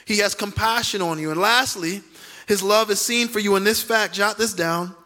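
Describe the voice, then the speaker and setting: Bright, high-voiced preaching man. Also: moderate pace. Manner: emphatic preaching with repeated key lines. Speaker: pastor. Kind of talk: sermon.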